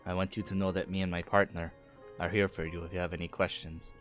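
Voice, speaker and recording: A man voicing a calm, formal police lieutenant in a measured tone. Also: sits low, soft background music, natural voice.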